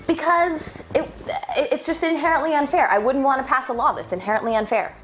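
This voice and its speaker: Sick woman on a stream, hoarse and phlegmy, dry jokes. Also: sits high, brisk, fairly bright tone, faint music behind. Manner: dry, playful banter. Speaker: livestream co-host. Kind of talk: casual livestream chat.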